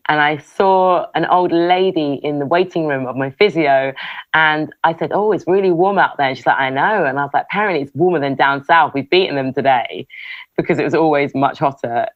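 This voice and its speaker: A woman chatting casually as a guest, telling animated stories and laughing often. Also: sits low, no room sound, narrow, tinny audio. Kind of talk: casual chat.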